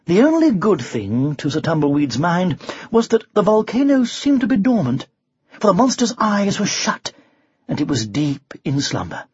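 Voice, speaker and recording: Husky, expressive storybook narrator. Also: medium pitch, moderate pace, no room sound. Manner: expressive, varied pacing. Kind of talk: storybook reading. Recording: dull lo-fi recording.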